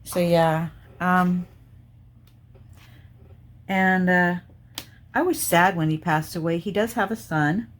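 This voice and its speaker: A woman's voice: on the low side, steady tone, takes it slowly, long pauses, slight background noise. A middle-aged woman hosting a crafting channel, chatting casually and rambling as she thinks aloud while she works on a diamond painting.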